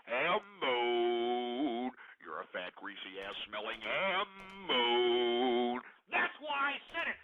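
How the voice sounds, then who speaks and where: A man's voice: very high-pitched, sharp tone, dull audio, full character voice. A man playing a cranky, foul-mouthed radio host who rants and insults his callers. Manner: ranting, exasperated, insulting. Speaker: prank radio show host.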